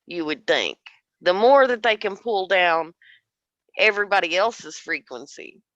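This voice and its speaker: A woman co-hosting a casual podcast chat, animated and laughing often, with restarts as she thinks aloud. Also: fairly low pitch, a little slow, no room sound, lo-fi sound. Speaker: podcast co-host.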